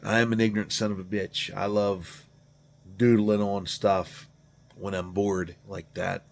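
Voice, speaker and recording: A man's voice: fairly low pitch, level tone, a little slow, vocal fry, a little hiss or hum. Tired, profane middle-aged man rambling. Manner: profane, rambling, self-deprecating. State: tired, yawning. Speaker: garage channel host. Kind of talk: casual rambling monologue.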